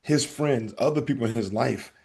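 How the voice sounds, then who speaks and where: A man hosting a casual podcast, telling a story in an animated way and acting out the back-and-forth. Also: medium pitch, moderate pace, vocal fry, breathy edge. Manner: animated storytelling, acts out exchanges. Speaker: podcast host.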